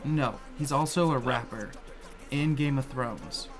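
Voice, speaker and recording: A man's voice: medium pitch, unhurried, music in the background. A man, chatting casually on stream, laid-back and amused, with the odd swear. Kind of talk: casual chat.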